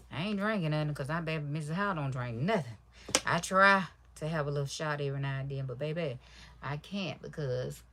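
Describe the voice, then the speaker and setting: A woman with a low, soft-spoken voice chats casually with her livestream viewers while she sews. She keeps her talk deliberately quiet and gentle, sprinkling in "y'all" and "baby". A faint hiss sits under the recording. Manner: talks low and soft on purpose. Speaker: livestream crafter.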